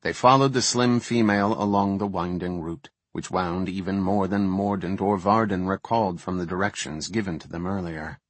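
A man reading a fantasy audiobook in a measured, steady way. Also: deep voice, dry recording. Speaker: audiobook narrator.

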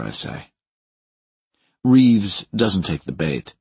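A man reading a first-person thriller in a deep, very husky voice. His delivery is dry and wry, and his pitch moves a lot. The recording is close and dry. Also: sing-song, moderate pace, no room sound. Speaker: audiobook narrator.

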